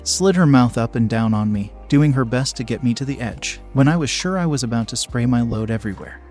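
A man reading a first-person story aloud in a steady, measured storytelling voice. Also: medium pitch, soft background music. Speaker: narrator.

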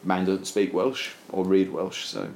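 Deep-voiced man rambling through a comic tale. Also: a little slow, gravelly, slight background noise. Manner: rambling, deadpan, many fillers. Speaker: storyteller. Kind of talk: casual comic storytelling. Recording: roomy echo, faint ambience.

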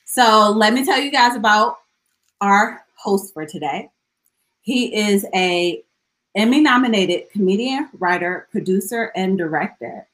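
A woman's voice: mid-range voice, animated, a little slow, fairly bright tone, poor audio. Woman host, chatty and casual. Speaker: podcast host. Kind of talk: casual chat.

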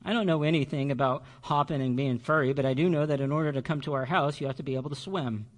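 A man voicing a polite male beaver in a storybook, brisk and matter-of-fact. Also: mid-range voice, long reverb tail, close to an everyday voice.

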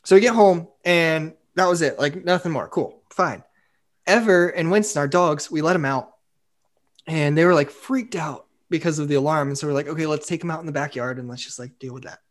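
A man telling a long story in casual chat, animated and full of "like" fillers, acting out what others said. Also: on the high side, a little fast. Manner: animated, acts out quotes, frequent "like" fillers.

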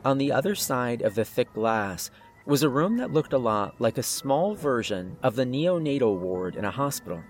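A man's voice: mid-range voice, very animated, moderate pace, soft background music. A man narrating a first-person horror story in a tense, scripted way.

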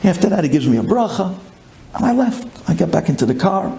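A man from Brooklyn, telling a personal story with excitement, dropping low and then bursting into shouts. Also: a little fast, vocal fry. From Brooklyn, USA. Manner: excitable, swings from hushed to shouting.

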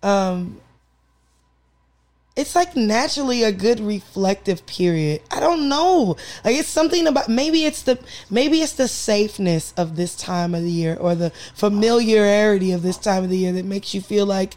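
A woman co-hosting a casual chat, lively and joking, quick to laugh. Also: medium pitch. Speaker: podcast co-host.

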